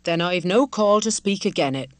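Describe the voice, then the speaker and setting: A woman's voice: lowish voice, lively intonation, normal speed, dry recording, lightly acted. A woman voicing a kindly, devout village wife in an audiobook, speaking in a homely country dialect in an earnest, motherly way. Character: kindly rural village wife, middle-aged, simple and devout.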